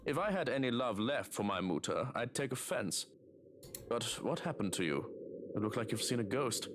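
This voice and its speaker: A man voicing a calm, protective male servant who speaks in a measured, businesslike way. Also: mid-range voice, background noise, pitched below the performer's own voice, lightly acted.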